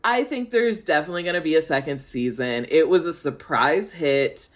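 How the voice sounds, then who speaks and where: A man's voice: fairly high pitch, expressive, normal speed. Gushing, giggly Midwestern man. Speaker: podcast co-host. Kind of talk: casual chat.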